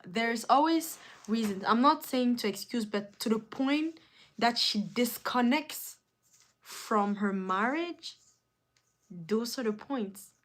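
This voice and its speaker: A woman's voice: a little high, animated, slow pace, fairly bright tone. A woman hosting a live stream in casual chat, answering viewer comments with emphatic, repeated phrases.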